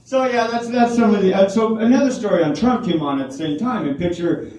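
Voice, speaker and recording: A man's voice: high voice, brisk, a little mellow, slight background noise. A man doing a stand-up comedy set at a small club, with a rambling, filler-heavy delivery. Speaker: stand-up comic. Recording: echoey room from far off.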